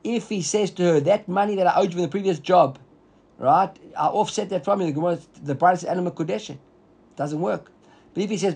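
Talmud teacher, male, high husky voice, brisk explainer who checks in with his class. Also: darkish tone. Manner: explains quickly, reads the text aloud and translates it, asks students if they follow.

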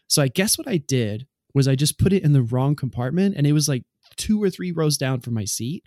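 A man's voice: fairly high pitch, lively intonation, fairly quick, hardly any pauses, darkish tone, no echo, studio quality. A man co-hosting a podcast, telling a long anecdote in casual chat with many fillers. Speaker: podcast co-host.

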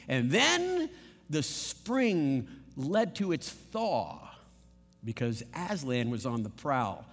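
A man preaching a sermon with a slightly high voice, animated and conversational, throwing rhetorical questions at his listeners. His voice carries a long reverb from a large sanctuary. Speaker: pastor.

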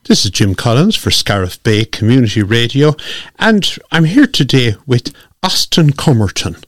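A man's voice: mid-range voice, big pitch swings, normal speed, no room sound. A man interviewing a guest in a community radio studio, hesitant and friendly with fillers. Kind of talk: casual interview.

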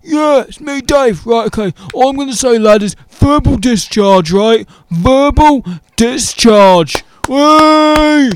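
A man voicing a loud bloke named Dave from the local pub, in a very high, squeaky, shouting voice. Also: lively intonation, takes it slowly, hardly any pauses, clean tone, heavily acted. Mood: rowdy.

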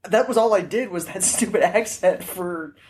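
A man with a fairly high voice hosts a casual interview. He jokes, laughs often and keeps the talk loose and easy. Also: moderate pace, darkish tone. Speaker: podcast host.

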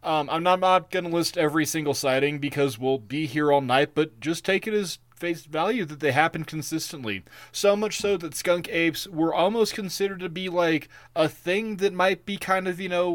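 A man co-hosts a podcast and spins his tales with loose, profane energy. His voice sits a little high for a man. The sound is dry and close, with no room around it. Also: moderate pace, no room sound. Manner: profane, animated storytelling. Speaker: podcast co-host. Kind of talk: casual comedic chat.

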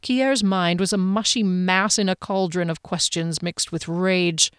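Female audiobook narrator, measured and even, dry close sound. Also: on the low side, clean tone, dry recording. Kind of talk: scripted narration.

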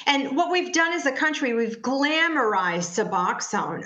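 A woman's voice: high-pitched, lively intonation, unhurried, hardly any pauses, bright, forceful tone, reverberant. A woman speaking as a guest in an interview, arguing emphatically and firing off rhetorical questions. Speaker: patient advocate guest. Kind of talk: heated interview talk.

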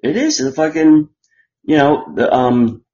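A man's voice: fairly high pitch, measured pace, a little mellow. A man co-hosting a podcast, talking in crude, boastful, casual banter full of swearing. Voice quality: swears constantly, brash and boastful. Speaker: podcast co-host. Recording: roomy, dull lo-fi podcast audio.

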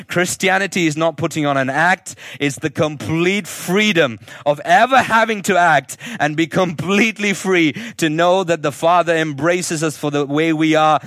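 A man preaching to a church congregation, his tone shifting from bold emphasis to hushed, personal asides. He talks straight to people in the pews and acts out their inner voices. The sound is dry and close, with no room echo. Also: on the high side, moderate pace, few pauses. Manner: conversational preaching, swings from emphatic to quiet and intimate. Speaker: pastor. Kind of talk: sermon. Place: church service.

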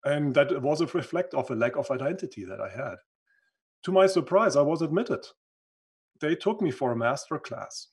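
A man's voice: mid-range voice, expressive, moderate pace, darkish tone, husky. A man who speaks English as a second language, telling his life story as an interview guest in an earnest, reflective way and sometimes searching for words. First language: not English. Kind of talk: conversational storytelling.

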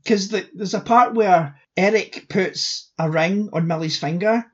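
Wry, husky-voiced podcast co-host. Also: mid-range voice, measured pace, lo-fi sound. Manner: wry, blunt, swears casually. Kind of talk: casual chat.

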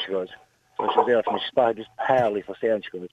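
Irish male caller, late forties, low voice, quick rambling talk, tinny phone line. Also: very noisy. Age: 40s. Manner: rambling anecdotes. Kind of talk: phone-in call.

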